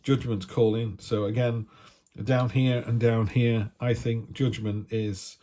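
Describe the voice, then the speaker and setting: A man's voice: medium pitch, flat delivery, takes it slowly, dark tone. A man giving a casual, encouraging weekly tarot reading, chatty and full of restarts. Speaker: tarot reader.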